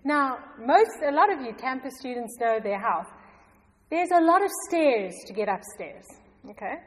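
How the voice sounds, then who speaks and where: A middle-aged woman telling a personal faith story to a congregation, animated and often laughing. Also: high voice, moderate pace. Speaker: church member giving testimony. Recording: long hall reverb.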